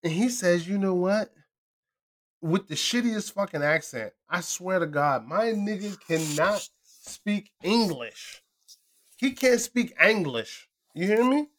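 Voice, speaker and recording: A man hosting a casual chat with a friend, talking loud, profane and animated, often laughing. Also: high voice. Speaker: podcast host.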